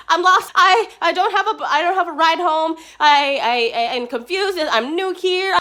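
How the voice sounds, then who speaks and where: A woman vlogger telling a travel story in a casual, animated way, laughing often and acting out the people she quotes. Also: extremely high pitch, fast, few pauses.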